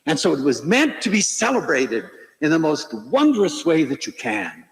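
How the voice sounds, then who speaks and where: Lively older man lecturing in a hall. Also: fairly high pitch, normal speed. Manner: animated storytelling with playful asides. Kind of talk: humorous inspirational lecture. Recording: hall reverb from a lecture stage.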